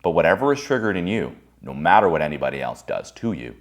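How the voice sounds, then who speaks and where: Man, very low voice, candid storytelling monologue, blunt and profane, loud bursts and quiet musing. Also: big pitch swings, quick pace. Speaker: speaker giving a personal-growth monologue.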